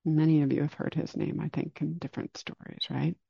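A man giving a dharma talk, telling a story in a calm, unhurried way and slowing down for emphasis. It is a dull lo-fi recording. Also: a little high, gravelly, husky, dry recording. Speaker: meditation teacher.

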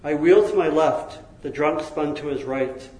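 A man tells a story in an expressive, lively way. His voice is a little high for a man, and the recording has a roomy echo. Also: moderate pace. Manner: lively, laughs between lines, expressive. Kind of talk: storytelling narration.

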